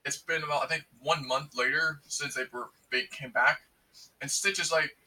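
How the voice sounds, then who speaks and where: A man excitedly recapping a movie in casual, rambling speech full of fillers and restarts. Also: on the high side, normal speed, recorded from a distance, poor audio. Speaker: movie reviewer.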